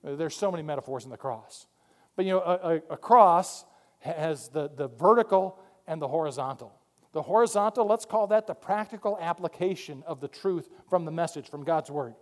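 A man preaching a sermon from a church pulpit, animated, moving between quiet asides and loud emphatic points. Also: a little high, brisk. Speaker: pastor. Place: church sanctuary. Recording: long hall reverb.

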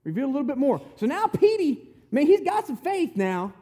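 A man's voice: very high-pitched, very animated, fairly quick, mellow. A man preaching a conversational sermon, retelling scripture in plain, folksy, emphatic words.

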